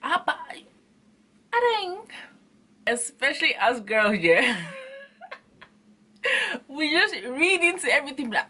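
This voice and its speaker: A woman chatting casually to camera in an animated, dramatic way, often laughing and repeating herself. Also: fairly high pitch, normal speed, slightly rough. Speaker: vlogger.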